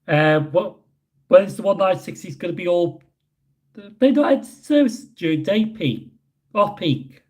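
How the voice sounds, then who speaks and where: A British man casually chatting with his livestream audience and answering chat questions, rambling with many pauses. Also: high-pitched, lively intonation. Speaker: livestream host reading chat. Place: indoors, hotel room.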